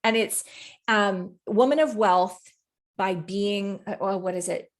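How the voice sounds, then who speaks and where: A woman's voice: medium pitch, slow pace. A woman co-hosting a podcast and coaching, chatting casually and candidly, swearing freely as she tells stories with animation.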